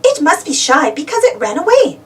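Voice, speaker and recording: A woman's voice: high-pitched, big pitch swings, a little fast, voice pushed up. A woman voicing a small, curious boy elephant in a read-aloud storybook, eager as he tells his news. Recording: distant mic with faint noise.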